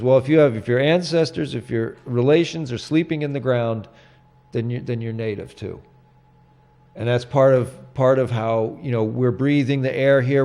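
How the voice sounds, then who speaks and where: A middle-aged man hosting a talk show, speaking in a halting way with lots of repeated words and "you know"s. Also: mid-range voice, mellow. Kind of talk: casual chat.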